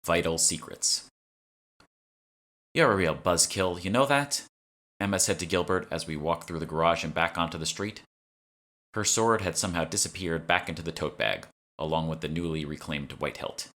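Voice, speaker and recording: A man with a low, deep voice reading his own novel aloud at a steady, measured pace. The tone is bright and forward despite the low pitch. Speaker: author narrating his audiobook. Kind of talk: audiobook narration.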